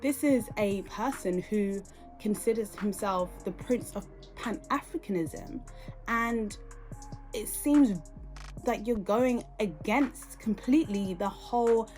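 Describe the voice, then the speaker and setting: British woman, podcast host, reaction commentary, indignant, rhetorical questions, mid-pitched voice. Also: slow pace, darkish tone, soft background music. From United Kingdom.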